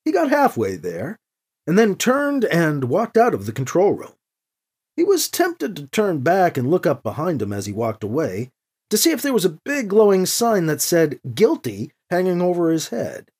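A narrator reading a novel aloud in an expressive storytelling manner. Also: mid-range voice, normal speed, slightly rough. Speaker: audiobook narrator. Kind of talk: scripted narration.

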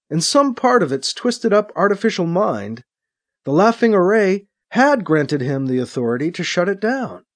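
A man reading a science fiction story as narrator, in steady storytelling narration. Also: high-pitched. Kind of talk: scripted narration.

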